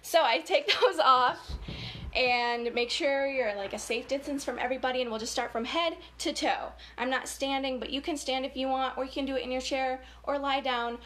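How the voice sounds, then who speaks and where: An upbeat woman hosting a children's story time over a webcam, with a fairly high voice. She talks straight to the kids, giggling easily as she leads them along. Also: normal speed, a bit bright.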